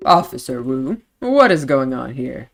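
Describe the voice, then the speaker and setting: A woman's voice: rumbling low, big pitch swings, measured pace, creaky, pitched below the performer's own voice, full character voice. Lady voicing a grumpy cop sergeant, bossy and barking, game music playing. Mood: stern. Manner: barking, authoritative. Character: gruff stern male police sergeant.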